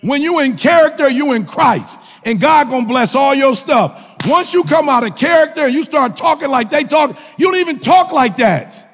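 A male minister preaching a sermon in a colloquial, joking style, with impassioned shouts and repeated phrases. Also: very high voice, lively intonation, normal speed, few pauses. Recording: long reverb of a large hall.

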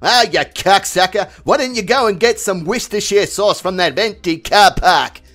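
A man's voice: sits high, normal speed, fairly bright tone, soft background music, voice pushed down. A man doing a mocking impression of a Boston-accented man, hurling crude insults. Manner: exaggerated put-on accent, crude.

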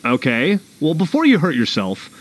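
A lazy whiny cartoon soldier, husky voice that jumps all over. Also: male voice, a little high, huge pitch swings, moderate pace. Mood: exasperated. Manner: whiny, sarcastic. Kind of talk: animated series acting.

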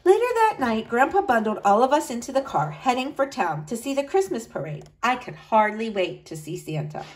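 A woman reading a children's Christmas story aloud, with lively delivery and high excited lines for the children. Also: fairly quick, low-quality recording. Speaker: storybook narrator. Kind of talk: storybook read-aloud narration.

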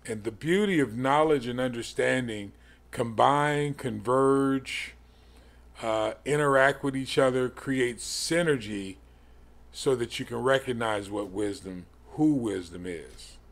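A man in his forties teaching a Bible study in a slow, halting way, with many pauses and restarts. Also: mid-range voice, gravelly. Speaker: podcast teacher.

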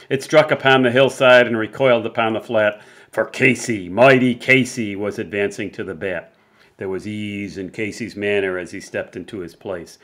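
A middle-aged man presenting and dramatically reciting narrative poems, swinging between loud peaks and hushed lines, with chatty asides in between. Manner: theatrical, big swings in loudness and pitch, chatty asides. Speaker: poetry presenter.

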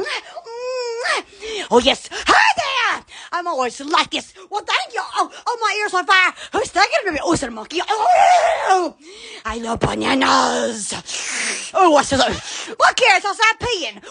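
A woman's voice: very high voice, bright, forceful tone. A woman hosting a silly live stream, goofy and squealing, laughing a lot. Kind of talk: silly improvised live chat.

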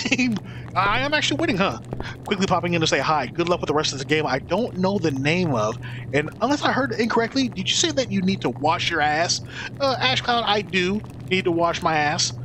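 A man streaming a video game, talking to chat with excitable, swearing commentary. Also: high voice, background noise. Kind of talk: live gameplay commentary.

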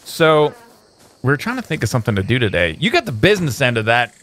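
A man hosting a gameplay video, upbeat and excitable, joking with a guest. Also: mid-range voice, fast, a little hiss or hum. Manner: upbeat and excitable, playful banter. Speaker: host. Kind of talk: casual gameplay commentary.

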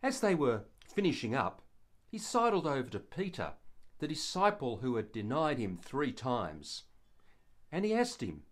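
A man's voice: mid-range voice, huge pitch swings, measured pace. Earnest older man telling a Bible story. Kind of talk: devotional story narration.

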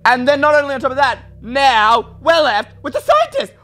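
A young man commentating a game for his channel, excitable and ranting at what happens on screen. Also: very high-pitched, normal speed. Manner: excitable, shouts and rants at the game. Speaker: gaming YouTuber. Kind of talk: Minecraft let's play commentary.

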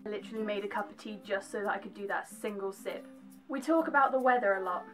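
A young woman from England with an English accent and a slight American twang, chatting to camera with animated, jokey asides in a home vlog. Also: mid-range voice, quick pace, music in the background. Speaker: vlogger. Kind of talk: casual chat to camera.

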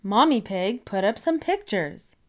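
A woman voicing a jolly, proud father pig in a storybook, speaking in a hearty, louder way. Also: mid-range voice, lively intonation, a little slow, lightly acted.

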